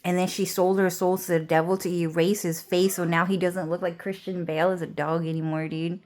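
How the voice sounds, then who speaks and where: In a darkish, level voice on the low side, a woman vlogs a brisk, rambling rant straight to camera. She curses frequently and fills her talk with "like" and "dude."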